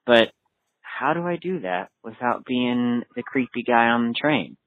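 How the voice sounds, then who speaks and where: A man's voice: mid-range voice, expressive, a little slow. A man calling in to ask for advice, hesitant and earnest. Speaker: caller. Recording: phone-line sound.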